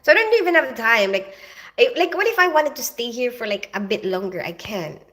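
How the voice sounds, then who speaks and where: Very animated and rather quick, this middle-aged live streamer has a high, fairly bright voice. Half Filipino and half British, she chats and rambles, calls out viewers by name, reads comments aloud, and scatters "you know" and "like" throughout.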